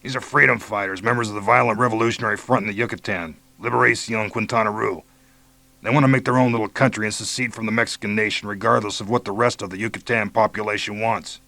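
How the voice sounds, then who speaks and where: A man's voice: on the low side, fast, vocal fry, no room sound. A man playing a ruthless commando major who speaks matter-of-factly and barks orders. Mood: deadpan orders. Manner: deadpan, matter-of-fact, shouting orders.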